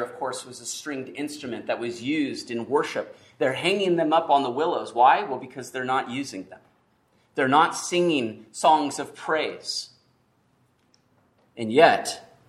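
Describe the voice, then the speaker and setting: Lively-voiced male preacher. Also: fairly high pitch. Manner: expressive preaching with emphatic pauses and restarts. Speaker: pastor. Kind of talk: sermon.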